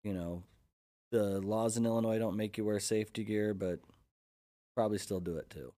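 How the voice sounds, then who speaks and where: A man's voice: on the low side, fairly even intonation, moderate pace, warm tone, no echo, studio quality. A man, an enthusiastic guest chatting casually on a podcast. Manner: enthusiastic, upbeat. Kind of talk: casual chat.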